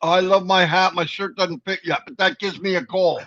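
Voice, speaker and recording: Guy co-hosting a live stream, folksy pep talk, bright twangy sound, kinda muffled lo-fi. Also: sits high, fairly even intonation, normal speed. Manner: folksy, preachy, rambling. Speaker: co-host of a live company stream. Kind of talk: casual livestream pep talk. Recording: dull lo-fi stream audio.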